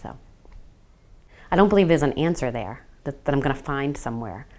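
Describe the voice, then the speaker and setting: A middle-aged woman with a low, dusky voice talks in a radio documentary interview. She is reflective and halting, pausing often as she searches for the right words. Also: animated, darkish tone. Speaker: parent of a transgender teen.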